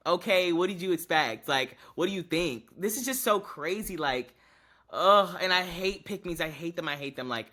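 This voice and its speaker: Bright-voiced man in animated podcast chat. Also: on the high side, moderate pace, few pauses. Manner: animated, expressive, swears freely. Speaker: podcast co-host. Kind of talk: casual chat.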